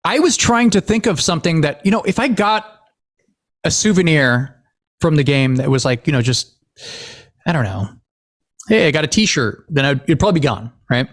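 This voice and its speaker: A man from Washington State hosts a casual podcast, his fairly high voice swinging up and down as he tells stories. He acts out the dialogue and fills gaps with lots of "like" and "uh". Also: normal speed. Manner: animated storyteller, acts out quoted dialogue, many fillers. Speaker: podcast host.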